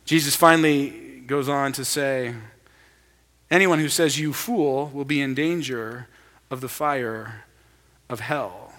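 A man's voice: medium pitch, fairly even intonation, slow pace, fairly bright tone. A male pastor preaching a sermon in a conversational way, acting out the lines he quotes. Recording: long reverb of a large hall.

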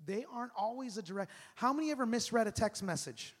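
Man, pastor, 30s, high voice, animated conversational sermon, long church-hall reverb. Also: fast, slightly rough. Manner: animated, conversational preaching with call-and-response.

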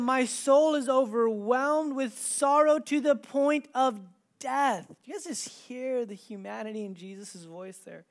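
Using a mid-range voice, this preacher gives a sermon that includes scripture readings. The delivery swells into loud, emphatic stretches and then sinks to a hush.

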